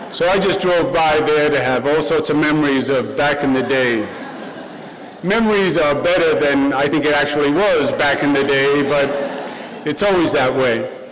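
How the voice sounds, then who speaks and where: Middle-aged man, Queens New York accent, governor's speech, chatty and rambling, long reverb of a big hall. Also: a little high. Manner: conversational, loose, with folksy asides and restarts. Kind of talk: public policy speech. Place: large college auditorium.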